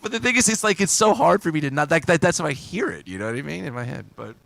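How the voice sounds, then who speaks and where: Fast and expressive, this man's voice is a little high, creaky, and a bit bright, recorded with no echo. He hosts a live music request stream, rambling casually between songs while reading and answering viewers, frequently laughing and keeping things loose and jokey.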